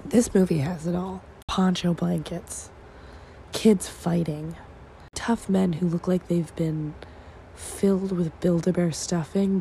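A woman hosting her own podcast in casual solo chat, rambling and self-mocking with quick asides. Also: fairly low pitch, vocal fry, dark tone, a little hiss or hum. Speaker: podcast host. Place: at home, part recorded in morning sun.

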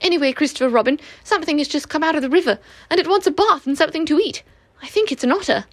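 A woman's voice: high-pitched, expressive, quick pace, fairly bright tone, no room sound, voice pushed up. Woman doing a fussy nervous rabbit. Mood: flustered. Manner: flustered and easily offended. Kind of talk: storybook reading.

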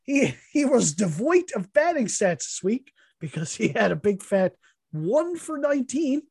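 A man's voice: extremely high pitch, sing-song, a little slow, vocal fry, a little mellow, slightly rough, dry recording. A man rattles off his lines with lots of movement in his voice, rising and dipping as he trash-talks. His sound is dry and close on a podcast microphone. He talks in casual, profane banter that is full of playful insults. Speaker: podcast co-host.

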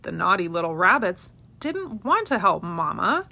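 A woman, a parent hosting a family podcast, reading a children's storybook aloud with expressive, animated delivery. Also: on the low side, normal speed, creaky.

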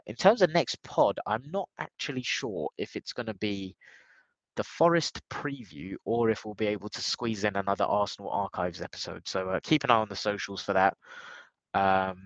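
A man's voice: lowish voice, fairly bright tone, no echo, highs cut off. A man hosting a casual podcast, nasal from a cold, upbeat and blunt. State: has a cold. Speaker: podcast host.

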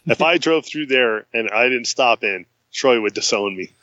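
A man casually telling a road-trip story in a chat, acting out the voices of the people he met with big jumps in pitch. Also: expressive, normal speed, pushed and bright, no room sound, highs cut off. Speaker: guest.

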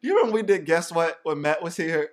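A podcast host chatting casually, with a relaxed, teasing manner. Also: mid-range voice. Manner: relaxed, quick to laugh, teasing. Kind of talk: casual chat.

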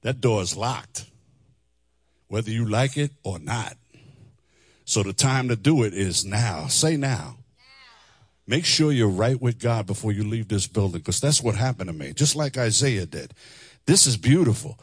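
A middle-aged man preaching a testimony sermon, animated, singing phrases and laughing asides. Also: fairly low pitch, a little slow, husky, no echo, clean studio sound. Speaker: chaplain and preacher. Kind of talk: testimony sermon with sung lines. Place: church hall before a congregation.

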